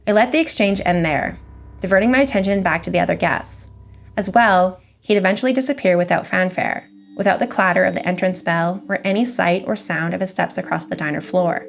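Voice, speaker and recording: Low, gravelly woman reading a horror story. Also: soft background music. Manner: measured, even storytelling.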